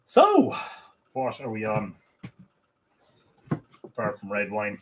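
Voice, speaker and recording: A man's voice: on the low side, fairly even intonation, takes it slowly, fairly bright tone, a little hiss or hum. A man hosting a casual livestream, reading out viewer comments and greeting them in a chatty, welcoming way. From Ireland. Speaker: livestream host.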